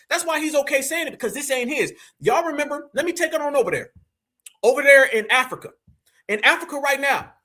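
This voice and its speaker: A man's voice: sits high, bright, forceful tone. A man from Ohio with an Ohio accent, hosting a livestream and preaching to viewers he calls family. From Ohio, USA. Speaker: channel host. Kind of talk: livestream commentary.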